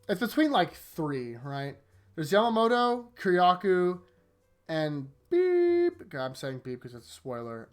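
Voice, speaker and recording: Rambling man recapping anime, slightly high. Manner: rambling, filler-heavy, animated retelling. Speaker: anime rewatch host. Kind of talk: casual episode recap.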